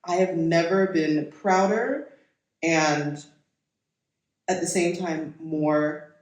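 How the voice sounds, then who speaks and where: A middle-aged woman from Kenya co-hosting a podcast in casual chat, animated, laughing often and restarting her sentences. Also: low-pitched, extremely slow. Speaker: podcast co-host. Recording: echoey room.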